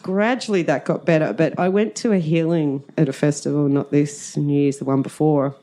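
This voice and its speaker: Low-voiced woman, lively storyteller. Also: normal speed. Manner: animated, laughing often, acts out quotes. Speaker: guest, drama teacher. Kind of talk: casual storytelling chat.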